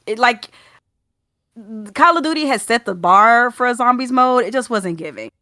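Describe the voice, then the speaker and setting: A woman's voice: on the high side, lively intonation, moderate pace, bright, forceful tone, dry recording, clean studio sound. A young woman with a Southern US accent, co-hosting a gaming podcast in casual, rambling chat full of fillers and restarts. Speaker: podcast co-host.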